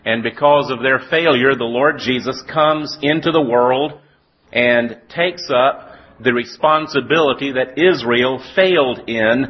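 A man preaching a sermon. He tells a folksy story with gentle humor and then reads scripture slowly and with weight. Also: medium pitch, slightly rough. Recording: dull lo-fi recording.

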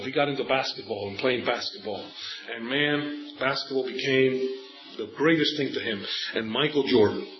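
A middle-aged man preaching a sermon, telling a family story with animated delivery and slowing down to stretch out the scripture lines. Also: a little high. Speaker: pastor. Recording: echoey, slightly dull church recording.

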